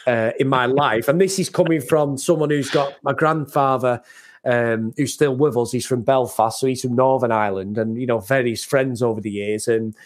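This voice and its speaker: A man's voice: mid-range voice, normal speed. A man from the UK co-hosting a podcast, chatting casually and laughing often. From United Kingdom. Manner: animated, laughs often, mocking. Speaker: podcast co-host. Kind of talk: casual chat.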